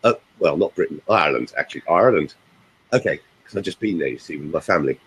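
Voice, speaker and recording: Animated, husky male voice coach. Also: very deep voice, rough recording. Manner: emphatic, animated, demonstrating pauses. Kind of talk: coaching talk on a group call.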